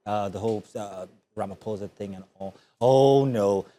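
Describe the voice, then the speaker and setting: A man's voice: fairly low pitch, normal speed, mellow. A man from Nigeria co-hosting a morning TV news show, reviewing the newspapers and teasing his co-host in chatty, jokey studio banter.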